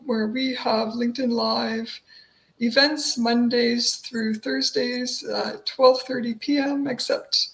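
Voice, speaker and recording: A woman co-hosting a live online panel, speaking haltingly with many filler words. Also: a little high, vocal fry, fairly bright tone, poor audio. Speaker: co-host.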